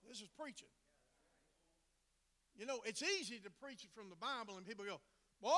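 Middle-aged man, folksy sermon storyteller; high, bright voice; reverberant church hall. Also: normal speed, pauses often. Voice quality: folksy, drawling, colloquial grammar. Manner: animated, builds to loud emphatic bursts. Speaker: preacher.

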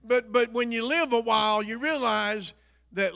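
An older pastor preaches a folksy sermon at a measured pace in a high, gravelly voice, dropping to hushed asides before building up to shouts. He stammers on repeated words, and his voice rings out with a long echo through the church hall.

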